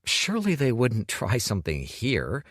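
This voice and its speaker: A man's voice: mid-range voice, wildly swooping pitch, moderate pace, fairly bright tone, dry recording, pitched above the performer's own voice. A man voicing a wry young male apprentice who makes dry, skeptical remarks.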